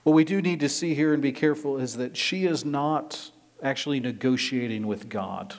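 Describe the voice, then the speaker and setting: A man's voice: medium pitch, moderate pace. A man preaching a sermon, explaining a scripture passage verse by verse with emphatic delivery. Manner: expository, emphatic, reads scripture aloud.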